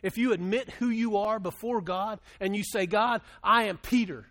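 A middle-aged male pastor preaching a sermon, moving between quiet storytelling and loud, impassioned appeals. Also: high-pitched, moderate pace.

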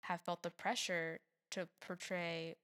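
A woman's voice: on the low side, little pitch movement, slow, a bit bright. A woman hosting a podcast in casual chat, attentive and often murmuring agreement. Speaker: podcast host.

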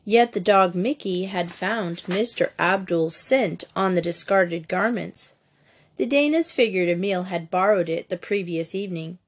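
A woman reads a mystery novel aloud in a measured, storytelling way. Her voice sits a little low for a woman. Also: slightly rough. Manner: measured storytelling, voicing each character. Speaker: audiobook narrator. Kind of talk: scripted narration.

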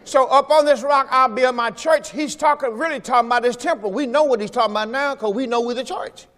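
Here a pastor moves at a quick pace, his very high-pitched voice fairly bright, as he preaches a folksy sermon in a church service. Phrases get repeated and the congregation is called on to reply, with long church reverb on the recording.

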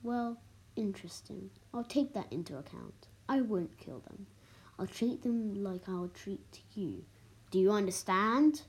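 A woman's voice: mid-range voice, unhurried, natural voice. A woman reading as a scheming base commander. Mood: cool.

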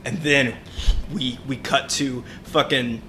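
A man, a podcast guest, pitching a movie trailer in a rambling, animated way, swearing often. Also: slow pace, a little hiss or hum. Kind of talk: casual chat, pitching a movie.

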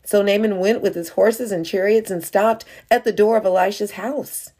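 A woman's voice: mid-range voice, steady tone, normal speed, mellow, breathy edge. A woman leading a Bible study. She reads scripture aloud and then explains it conversationally, with frequent fillers. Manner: frequent "uh" and "you know" fillers. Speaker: Bible teacher.

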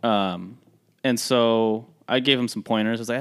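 A man's voice: mid-range voice, fairly even intonation, normal speed, clean tone. A young man co-hosting a podcast, telling a party story in casual chat, full of "like" and "you know". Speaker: podcast co-host.

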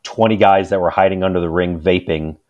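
A man's voice: sits low, fairly even intonation, brisk, a little hiss or hum. A man co-hosting a casual podcast chat, making wry jokes. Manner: wry, joking. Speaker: podcast co-host. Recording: slightly dull lo-fi sound.

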